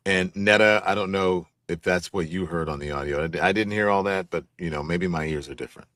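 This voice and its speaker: A man's voice: sits low, fairly quick, a bit bright, no room sound. A man hosting a live call-in show, talking in a loose conversational way and checking in with his co-host. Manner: conversational, asks co-host for agreement.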